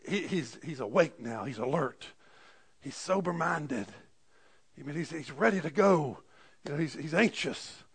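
Pastor, male, higher-pitched voice, passionate sermon delivery with loud peaks and hushed asides. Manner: impassioned preaching with frequent amens, swings loud and soft.

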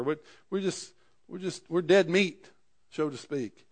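At a measured pace, a high-voiced man reads scripture aloud during his sermon and explains it in plain words.

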